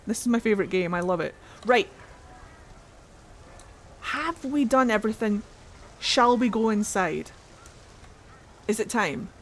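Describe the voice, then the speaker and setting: A woman's voice: medium pitch, slight background noise. Chatty Geordie woman streaming games. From Newcastle, England. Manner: chatty, swears freely, answers chat aloud. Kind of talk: casual gameplay chat.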